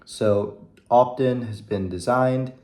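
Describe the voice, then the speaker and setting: A man's voice: medium pitch, slow, a little mellow. A young man talking casually to the camera in a video diary, upbeat and rambling, with fillers, at his computer. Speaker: vlogger. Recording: echoey room.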